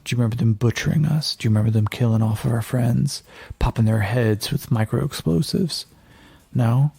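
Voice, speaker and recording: A man playing a profane, commanding male rebel fighter in a tabletop game, his low voice gravelly and husky. He snaps orders bluntly and swears freely, and his tone stays dark and rough. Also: fairly quick, no echo. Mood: fiery. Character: hard-bitten male resistance fighter rallying troops.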